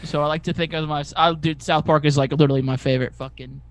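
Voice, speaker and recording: A young man, a music producer guest, chatting casually in an energetic, crude, swearing, joking way. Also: a little high, fast talker. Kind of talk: casual chat.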